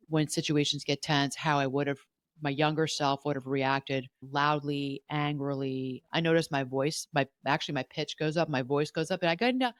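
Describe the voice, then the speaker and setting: A woman's voice: deep voice, dry recording, studio quality. Earnest woman therapist coaching listeners. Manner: earnest, coaching, repeats herself. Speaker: podcast host, family therapist. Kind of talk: advice podcast talk.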